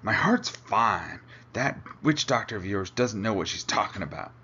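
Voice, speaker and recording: A man reading aloud, voicing an angry older male climber who shouts and blusters. The recording sounds dull and lo-fi. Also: lowish voice, animated, normal speed, slightly rough, pitched above the performer's own voice, heavily acted. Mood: defiant.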